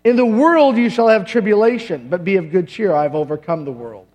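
High-voiced man preaching a sermon. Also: expressive, a little mellow, faint music behind. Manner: emphatic preaching with dramatic pauses and humor. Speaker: pastor.

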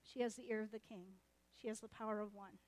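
A woman preaching a sermon as lively, chatty storytelling, acting out the characters' voices. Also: mid-range voice, fast. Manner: animated, chatty, acts out voices.

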